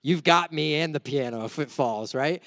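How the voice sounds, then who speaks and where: A man's voice: fairly high pitch, normal speed, fairly bright tone, clean studio sound. Young male pastor, chatty sermon. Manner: conversational storytelling with self-deprecating humor. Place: church auditorium. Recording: long hall reverb.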